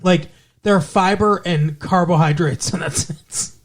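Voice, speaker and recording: A man co-hosting a podcast, chatting casually and rambling through a show recap, with restarts and quick character voices. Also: high-pitched. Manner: rambling, self-correcting, puts on character voices. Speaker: podcast co-host.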